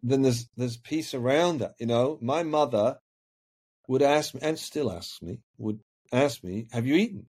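A man in an earnest podcast conversation, speaking at an ordinary middle pitch. He sounds reflective and repeats himself as he works toward his point. His tone is that of a coach explaining an idea. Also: measured pace, darkish tone. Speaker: life coach guest.

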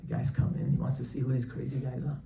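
A man tells a story as part of a sermon, animated and acting out each character. His voice is gravelly and mid-pitched. The sound is roomy, with faint noise in the background. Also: fast talker.

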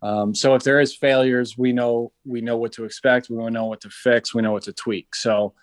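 A man's voice: mid-range voice, normal speed, no echo. A man telling stories in a casual podcast chat, acting out the people he quotes. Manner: animated storyteller, acts out quoted voices. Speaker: podcast guest, veteran entrepreneur.

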